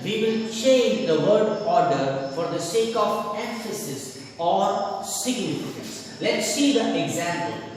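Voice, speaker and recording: A man with an Indian English accent teaching a grammar lesson in a classroom, repeating each rule and example slowly. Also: high voice, a little hiss or hum. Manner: slow, repeats examples and rules. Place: school classroom. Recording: echoey room from far off.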